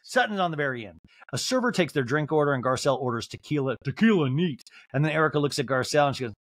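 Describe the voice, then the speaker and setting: A man's voice: fairly high pitch, animated, fast, dry recording, clean studio sound. A man hosting a podcast, giving a rambling, comedic recap of a reality show with lots of fillers like "like". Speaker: podcast host.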